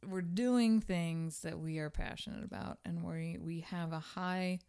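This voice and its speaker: A woman with a slightly low voice co-hosts a casual podcast. She is animated and talkative, swears freely, and rambles as she works through her thoughts. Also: measured pace, smooth. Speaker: podcast co-host, teacher. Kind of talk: casual chat.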